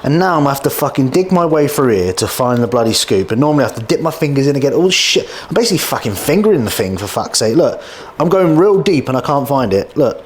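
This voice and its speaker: A man's voice: medium pitch, big pitch swings, fast, a little hiss or hum. A man in his thirties, a bodybuilding vlogger talking bluntly to camera indoors, swearing often. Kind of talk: casual vlog talking to camera. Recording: echoey indoor room.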